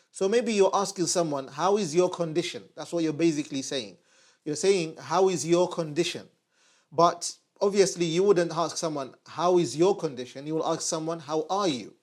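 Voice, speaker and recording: Standing at a whiteboard for an online class, a male Arabic teacher slowly and patiently says phrases again and again for his students. His voice runs a little high.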